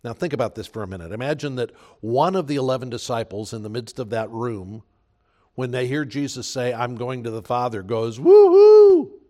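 A man's voice: mid-range voice, a little fast, darkish tone. A man preaching a sermon as pastor, earnest and emphatic, repeating phrases for weight.

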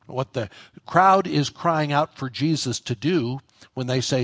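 Conversational preacher, dry close sound. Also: male voice, mid-range voice, moderate pace, fairly bright tone, no echo. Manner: conversational preaching, rising with emphasis. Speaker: pastor. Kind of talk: sermon.

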